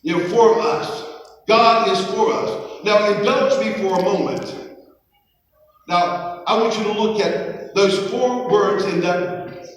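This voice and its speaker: A man preaching a sermon as pastor, leading the congregation in call-and-response and repeating phrases slowly. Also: sits high. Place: church sanctuary. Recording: echoey hall, voice from a distance.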